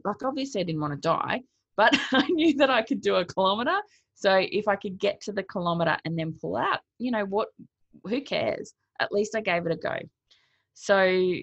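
A woman with a low, gravelly voice talks through her story as an interview guest, acting out the lines people said to her. Her delivery is lively and conversational. The recording sounds dull, lo-fi and dry. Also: dry recording. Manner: lively retelling, acts out quotes, laughs between thoughts. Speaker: interview guest, cold-water swimmer.

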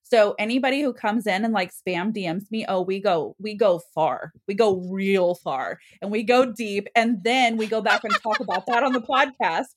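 A woman's voice: medium pitch, normal speed, few pauses. A woman guest on a podcast, chatting in an emphatic, playful way. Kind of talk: casual chat.

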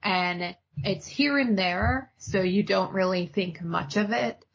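Slow-talking husky woman podcaster. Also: mid-range voice. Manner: chatty, opinionated, laughs often. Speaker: podcast co-host. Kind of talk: casual chat reviewing TV shows. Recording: dull lo-fi audio.

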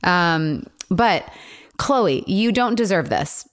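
A woman in casual chat, getting heated and animated as she talks, with lots of fillers. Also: lowish voice, takes it slowly.

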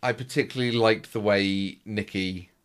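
Low-ish guy on a podcast, casual chat, rambly, keeps restarting his sentences. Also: fairly even intonation, normal speed. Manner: chatty, rambling, frequent restarts and laughs. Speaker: podcast co-host. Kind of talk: casual chat recapping a baking show.

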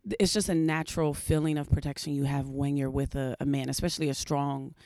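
A woman's voice: deep voice, quick pace, no room sound. A woman comedian, a podcast guest, telling a story in casual chat and acting out the other people in it. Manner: animated storyteller, acts out dialogue with shifting voices.

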